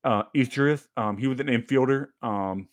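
A former ballplayer now co-hosting a podcast, this young man has a mid-range voice and talks at a normal speed, with no room sound at all. He chats casually, telling animated stories with plenty of fillers and restarts.

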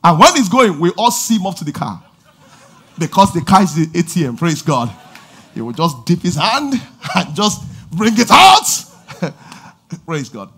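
A man preaching a lively sermon, shouting call-and-response lines and laughing between stories. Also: a little high, moderate pace, breathy edge. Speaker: pastor.

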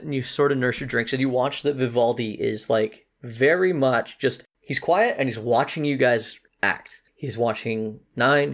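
A man narrating as game master of a tabletop game in a casual, descriptive way. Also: medium pitch.

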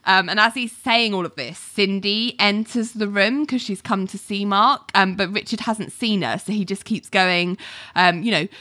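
Woman rambling thru an episode recap, bright clear voice, super dry sound. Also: medium pitch, normal speed, no echo. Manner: chatty, many ums and likes.

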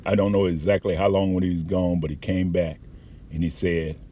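A man giving a candid, profane personal account with halting restarts and frequent fillers. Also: low-pitched, flat delivery, mellow, a little hiss or hum. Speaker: patient recounting an experience.

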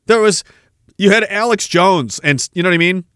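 A man's voice: high voice, a little fast, fairly bright tone, clear, resonant tone, no room sound, clean studio sound. A man hosting a podcast, ranting about the news in a sarcastic, profane, casual way. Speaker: podcast host. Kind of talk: casual political commentary.

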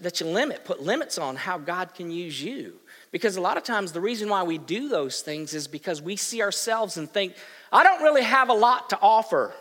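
A male pastor preaching a sermon, swinging from hushed, low asides to loud, emphatic bursts. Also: long reverb tail.

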